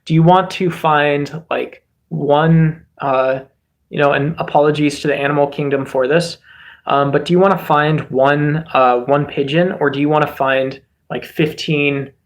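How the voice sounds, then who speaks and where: A man's voice: a little high, steady tone, a little slow. A man from the United States giving casual political commentary as a streamer host, rambling along and often restarting his sentences. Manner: rambling, many fillers and restarts.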